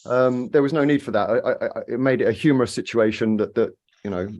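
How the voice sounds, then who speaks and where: Male co-host, medium pitch, relaxed and playful, chatty. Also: fast talker. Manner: easygoing and playful. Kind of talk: casual live chat.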